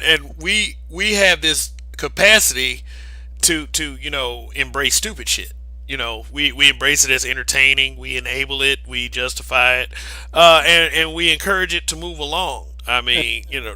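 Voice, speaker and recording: A man's voice: mid-range voice, normal speed, pushed and bright, no echo, poor audio. A man co-hosting a casual podcast discussion, talking emphatically with frequent restarts. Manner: emphatic, many restarts, laughs between points. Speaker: podcast co-host.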